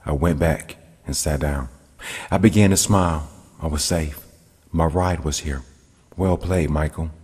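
A man reads his own first-person story aloud, earnest and measured. His voice sits extremely low with a husky edge. A long hall reverb trails every line. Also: darkish tone. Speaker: amateur storyteller.

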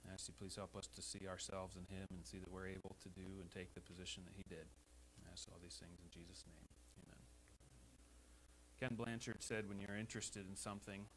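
American man, pastor, low voice, emphatic sermon delivery in church, faint hum on the recording. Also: rough recording. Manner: emphatic, rises to loud exhortations. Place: church sanctuary.

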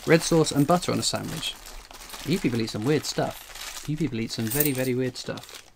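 A man's voice: medium pitch, fairly quick, creaky, slight background noise. A man hosting a casual coin-collecting livestream. He reads chat messages aloud and rambles in a jokey way, jittery from strong coffee. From England.

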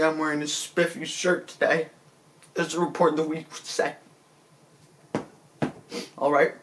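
A man plays up a fake-tearful apology in a slow, drawn-out delivery. He stammers through every sentence, pleading and self-pitying. His fairly high voice keeps jumping into squeaky cracks. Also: fairly bright tone. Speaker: comedy vlogger. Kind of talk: mock-serious apology monologue.

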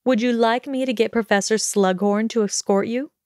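A woman voicing a calm, steady older headmistress witch in a storybook reading, speaking evenly and measuredly. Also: fairly high pitch, dry recording, clean studio sound, close to an everyday voice. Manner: even, measured delivery.

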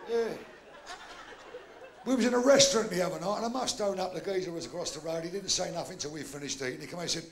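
An older man from London with a Cockney accent, doing a bawdy stand-up routine in a gruff, deadpan way before a live crowd. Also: sits high, fast. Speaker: stand-up comedian. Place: large live venue with a crowd. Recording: live stage recording with audience noise. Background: audience laughter.

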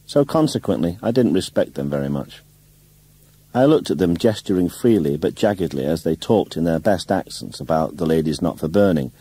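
Male novel narrator, deep husky voice, dry close mic, wry first person. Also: mellow, dry recording. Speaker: audiobook narrator.

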